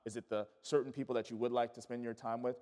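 A man's voice: medium pitch, level tone, fast, darkish tone. A man, a pastor, preaching a sermon with emphatic repetition and call-and-response to his congregation. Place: church sanctuary. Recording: echoey church hall.

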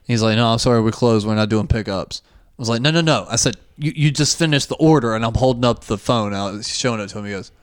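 A man's voice: mid-range voice, fast, smooth. A man co-hosting a podcast, telling a story in casual chat with a lot of swearing. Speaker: podcast co-host.

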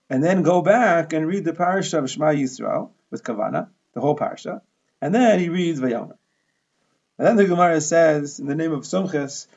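Gravelly man explaining a Talmud lesson. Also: on the high side, highs cut off. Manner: steady, methodical explaining, Hebrew and Aramaic terms mixed into English. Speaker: Talmud teacher.

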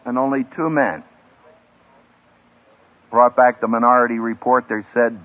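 Dramatic preacher on a tinny old broadcast. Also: male voice, steady tone, measured pace. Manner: dramatic, emphatic delivery with wide swings in pitch and loudness. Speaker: seminary professor preaching. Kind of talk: sermon to a graduating class. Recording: tinny lo-fi archival radio broadcast.

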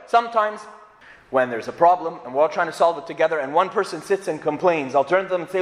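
High-voiced pastor in an echoey hall. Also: male voice, fast talker. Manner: animated storytelling, acts out scripture quotes, laughs at his own jokes. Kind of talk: sermon.

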